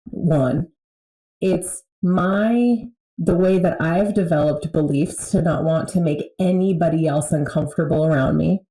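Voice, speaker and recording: Woman, low and mellow voice, candid storyteller in casual podcast talk. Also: unhurried, echoey room, low-quality recording. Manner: candid storytelling, laughs often. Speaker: podcast conversation partner, mother.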